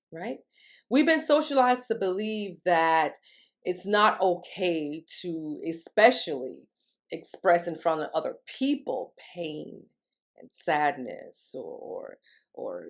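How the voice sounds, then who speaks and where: A woman, a grief recovery specialist, explaining step by step in an educational monologue and often asking "right?" to check in with the listener. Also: sits low. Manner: acts out quoted speech in a livelier voice.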